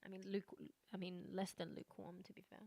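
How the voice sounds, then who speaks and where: A woman's voice: fairly low pitch, completely flat delivery, fast talker, warm tone. A woman streaming a horror game, chatting casually with lots of swearing, laughing as she talks. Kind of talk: casual live-stream commentary.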